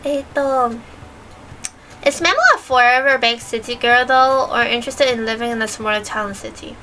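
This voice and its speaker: High, bright-voiced giggly woman streamer. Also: fairly even intonation, moderate pace, a little hiss or hum, low-quality recording. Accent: mixed, part British, part American. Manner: giggly, searching for words. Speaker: virtual streamer. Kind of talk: casual stream chat reading chat questions.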